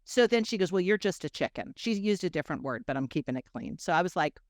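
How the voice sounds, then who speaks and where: Middle-aged woman guest, storyteller, animated, plays every voice in her story, dry close sound. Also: quick pace, dry recording. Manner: animated, acts out quoted dialogue with big swings in pitch and loudness. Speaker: guest coach. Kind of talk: personal storytelling in a podcast interview.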